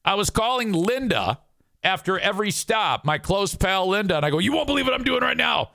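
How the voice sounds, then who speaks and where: A man's voice: high-pitched, brisk, gravelly, no echo, clean studio sound. A man hosting a radio show, telling a casual story and acting out the people he quotes, with some swearing. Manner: animated, acts out quoted people with shifting voices.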